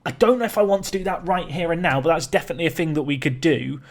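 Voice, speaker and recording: A young man talks through a football management game in a chatty, animated way, with his voice sitting a little high. He plays up mock outrage and often trips over and repeats his words. The delivery is casual gaming commentary from a series host. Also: fast. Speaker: let's-play host.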